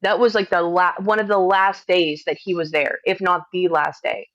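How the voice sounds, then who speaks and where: A woman's voice: lowish voice, fairly even intonation, moderate pace, fairly bright tone, dry recording. An exasperated woman talking on a livestream, cursing freely and breaking off mid-sentence. Her cheap microphone sounds dull and lo-fi. The sound is dry and close. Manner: exasperated, swears often, hesitant restarts. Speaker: streamer responding to accusations. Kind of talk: livestream chat. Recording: dull lo-fi mic.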